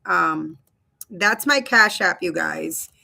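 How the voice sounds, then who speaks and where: Woman, thirties or forties, live stream host, chatty and informal, bright clear tone, webcam at home. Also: on the low side, animated, takes it slowly. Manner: chatty, loose, addresses viewers as "you guys". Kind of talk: casual live stream talk. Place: home room.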